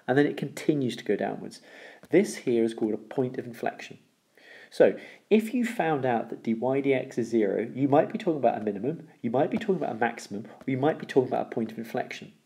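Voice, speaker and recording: Gravelly, dark-voiced man teaching maths. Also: medium pitch, lively intonation, fast talker. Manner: explains step by step, repeats key rules, checks with "okay?". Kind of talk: recorded maths lesson.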